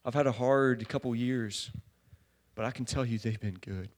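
A man preaching a sermon in a church, talking casually with many fillers and building to loud fervor. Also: medium pitch, normal speed. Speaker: pastor.

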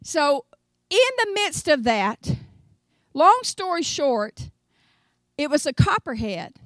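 Lively older Tennessee woman preaching. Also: sits high, slow pace, dry recording. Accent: Southern US, Tennessee. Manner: animated storytelling, acts out voices, swings from soft asides to loud exclamations. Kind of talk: sermon.

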